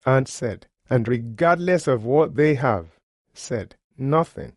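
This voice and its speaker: A man's voice: medium pitch, expressive, takes it slowly, no echo, clean studio sound. A man preaching, telling a personal testimony in an earnest, plain-spoken way with colloquial grammar. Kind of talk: sermon testimony storytelling.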